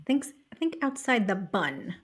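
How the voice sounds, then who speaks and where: A middle-aged woman co-hosting a relaxed podcast, reading out trivia questions slowly. Her voice sits at an ordinary middle pitch, and she often chuckles between questions. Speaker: podcast co-host, trivia reader. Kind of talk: casual podcast chat.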